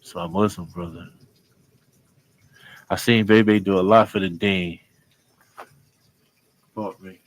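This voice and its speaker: A man's voice: deep voice, fairly even intonation, takes it slowly, long pauses, poor audio. A man telling a street story in casual, profane slang as a guest on an interview show. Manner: profane, street slang, acts out the other people in his story.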